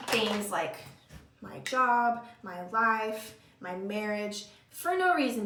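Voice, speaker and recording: A young woman vlogger telling a spooky story in a casual get-ready-with-me chat, animated and full of "like" fillers. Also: mid-range voice, far from the mic. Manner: animated, chatty, lots of "like" fillers. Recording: roomy echo, a bit off-mic.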